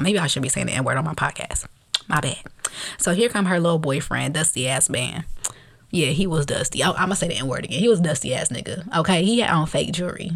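A woman podcast host telling a story in a blunt, profane, animated way, acting out the other people's lines as she goes. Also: on the low side, vocal fry, no echo. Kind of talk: casual storytelling.

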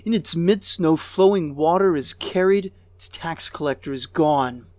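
A sorrowful goddess queen, put on by a male reader, cries out over her fallen city in a raised, keening voice. The lament comes slowly and heavily, each line drawn out in grief. The sound is dry and close, with no room around it. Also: a little high, darkish tone, dry recording, voice pushed up, close to an everyday voice.

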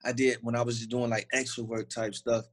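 A young man from Virginia speaks with a relaxed Southern drawl and a husky edge to his voice. He tells his stories loosely, packing in slang and fillers like a guest chatting in an interview. His pitch sits in an everyday middle range. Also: fairly quick, low-quality recording. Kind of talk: casual interview storytelling.

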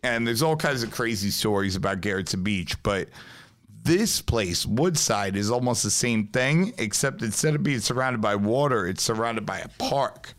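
Brooklyn-style man, low voice, rambling podcast storyteller, loose and profane. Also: lively intonation, moderate pace, fairly bright tone. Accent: New York. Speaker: podcast host, pizzeria owner. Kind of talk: casual storytelling chat.

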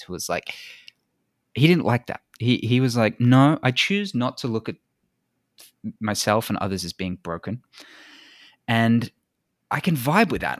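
A man's voice: fairly low pitch, no echo, clean studio sound. A man hosting a podcast in casual conversation, talking in an earnest, reflective and openly enthusiastic way. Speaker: podcast host.

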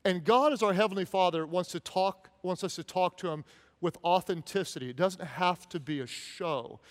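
A man delivering a sermon in a relaxed, conversational way, slipping into little voices for the people he quotes. His voice sits high for a man. The long reverb of a large church hall trails after every phrase. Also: moderate pace. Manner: conversational, animated, acts out quoted prayers. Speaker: pastor.

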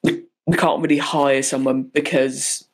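A young woman in casual chat, retelling a film with lively quoted voices and frequent laughter. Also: very deep voice, measured pace, breathy edge.

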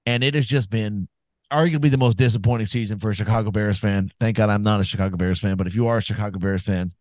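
Male co-host, mid pitch, dry close sound, blunt and loose, drops casual swears. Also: quick pace, a little mellow, no echo. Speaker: podcast co-host. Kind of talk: casual sports chat.

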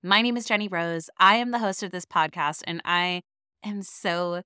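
A woman's voice: on the low side, normal speed, sharp tone, smooth, no room sound, studio quality. A woman in her thirties hosting her podcast, sounding a bit nasal from a cold, talking with eager, earnest enthusiasm. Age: 30s. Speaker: podcast host. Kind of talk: casual podcast talk.

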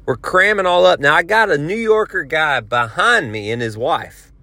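A man telling a long story in a casual, rambling, animated way. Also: a little high, moderate pace, no echo. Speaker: podcast host.

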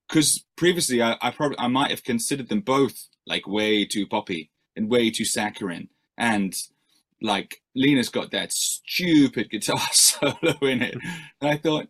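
A man's voice: mid-range voice, normal speed, fairly bright tone. A male musician answering interview questions in a rambling, self-deprecating way, with many fillers and restarts.

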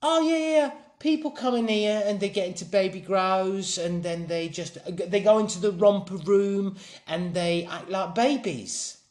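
A chirpy teenage girl at the desk of a shady club, talking in a bright, breezy rush and eager to please, as a man puts her on. Her voice sits far above a grown man's, and the room rings around it. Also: high-pitched, unhurried, voice pushed up. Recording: roomy echo.

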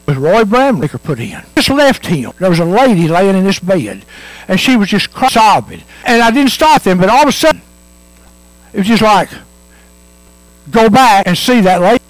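A man preaching an earnest sermon, pressing his points again and again. His voice sits high and swings widely in pitch. The sound is dry and close, with little room echo. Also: very animated, normal speed. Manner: earnest, repetitive emphatic preaching with storytelling. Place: church.

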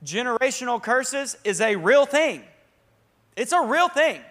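Pastor guy preaching, high bright voice, chatty and punchy. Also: a little slow. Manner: energetic, conversational preaching with bursts of emphasis. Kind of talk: sermon.

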